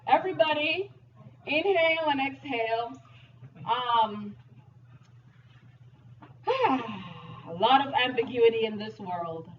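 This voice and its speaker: An animated woman teacher explains ideas to her class in a playful, warm-hearted way. Her voice sits a little high and comes from some distance away from the mic. The sound is dull, with faint noise behind her. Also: measured pace. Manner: animated, playful, addresses students as beloved. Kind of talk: live class lecture.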